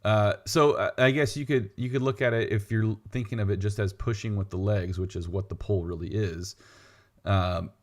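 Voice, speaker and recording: A man's voice: fairly low pitch, steady tone, normal speed. A man co-hosting a weightlifting podcast, explaining technique in casual chat with dry, teasing asides. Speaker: podcast co-host, weightlifting coach.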